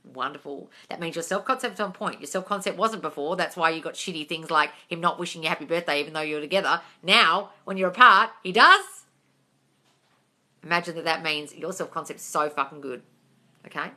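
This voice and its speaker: Woman, host on a phone live stream, very bright tone, chatty, swears, calls everyone darling. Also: low-pitched, brisk. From England.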